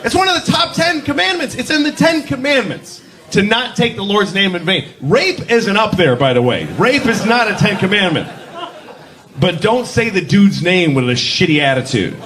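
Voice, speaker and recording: Animated male stand-up comic. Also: high voice, moderate pace, background noise. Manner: animated, mock-outraged, acts out voices. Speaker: stand-up comedian. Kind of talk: stand-up comedy set. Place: comedy stage. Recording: live club with audience laughter.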